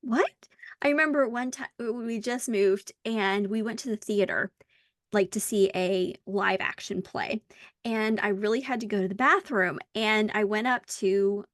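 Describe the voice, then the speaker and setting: An American woman hosting a casual podcast conversation, telling stories in a lively way and acting out the dialogue. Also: medium pitch, normal speed, no room sound, studio quality. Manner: animated storyteller who acts out dialogue. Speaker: podcast host.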